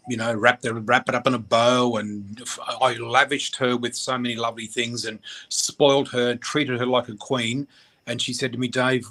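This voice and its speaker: Man, husky voice, flat monotone delivery, halting and emotional, radio guest interview. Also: mid-range voice. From Australia. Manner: emotional, halting, many fillers and restarts. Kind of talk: candid personal storytelling.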